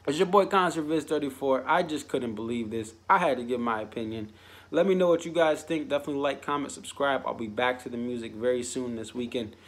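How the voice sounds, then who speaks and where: A man's voice: mid-range voice, fairly quick. A man vlogging an exasperated opinion rant, stumbling into frequent restarts as he piles up his points.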